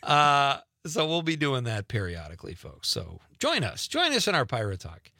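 A man's voice: mid-range voice, huge pitch swings, normal speed, vocal fry, pushed and bright, dry recording. Male radio host, mid-range voice, dry studio sound, loose and chatty. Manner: chatty, rambling, self-deprecating asides. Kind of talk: casual radio chat. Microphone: studio microphone.

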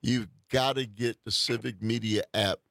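A man hosting a call-in radio show, friendly and quick to laugh. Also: fairly low pitch, steady tone, vocal fry, a bit bright, no echo, studio quality. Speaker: radio host.

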